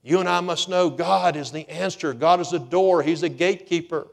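A man's voice: fairly high pitch, moderate pace, creaky. A man preaching a fervent sermon, rising to emphatic calls. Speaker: pastor.

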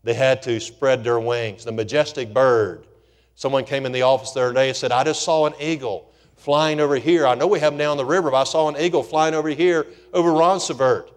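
A man's voice: medium pitch, steady tone, fairly quick. A man preaching a fervent sermon, rising to emphatic calls. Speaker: pastor.

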